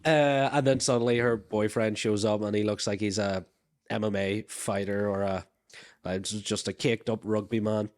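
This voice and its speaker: A man's voice: fairly low pitch, steady tone. A young man, a co-host in casual chat, riffing on story ideas and chiming in with "aye". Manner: chatty, quick to agree with "aye".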